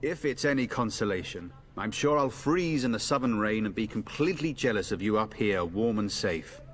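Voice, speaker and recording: A man's voice: fairly low pitch, lively intonation, moderate pace, lightly acted. A man voicing a confident, jovial warrior in a fantasy game. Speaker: game character. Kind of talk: game voice acting.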